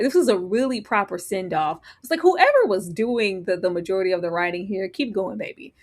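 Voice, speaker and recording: Expressive woman chatting, laughing often. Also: mid-range voice, brisk. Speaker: co-host. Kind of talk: casual live recap chat.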